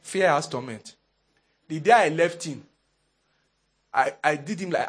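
A man preaching a sermon in an animated, humorous way, laughing often. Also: fairly high pitch, measured pace, slight background noise. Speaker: pastor.

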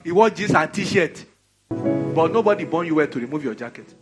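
A Nigerian man preaching a sermon in an animated, conversational way, full of rhetorical questions. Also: a little high, normal speed, music in the background.

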